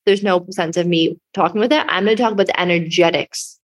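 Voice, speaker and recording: Talking fast in a lowish voice, she's a young business coach hosting her own show. The tone is effusive and casual, and "like" turns up constantly.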